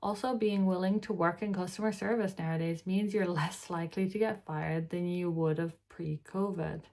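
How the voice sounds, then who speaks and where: Irish woman in her twenties, lowish voice, tired and chatty, reads posts aloud with wry asides. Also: darkish tone. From Ireland. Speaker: vlogger. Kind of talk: casual reaction vlog, reading posts aloud.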